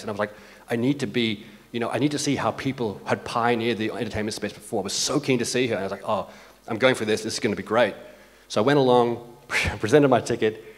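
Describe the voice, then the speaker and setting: Guy doing a motivational talk on stage, lowish voice, talks fast, keeps saying like and right. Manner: conversational storytelling with frequent "like" and "right?". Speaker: conference speaker and agency founder.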